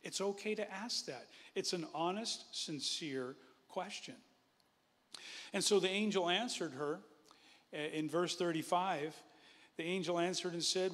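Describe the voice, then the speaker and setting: A male pastor preaching in an animated, conversational way, with frequent chuckles. His voice sits fairly high for a man, and a long hall reverb trails each phrase. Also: unhurried. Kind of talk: sermon. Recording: echoey hall.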